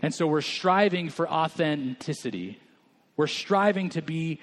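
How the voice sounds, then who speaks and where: A man's voice: a little high, expressive, measured pace. A male senior pastor in his thirties preaching a candid, conversational sermon in a church, open about his own failings. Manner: candid, conversational, self-deprecating.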